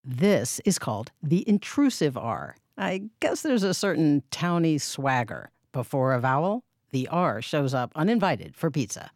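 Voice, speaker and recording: A woman's voice: sits low, sing-song, unhurried, hardly any pauses, darkish tone, no room sound. A woman reporter narrating a scripted radio feature, wry and conversational, recorded in a studio. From Boston area. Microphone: studio mic.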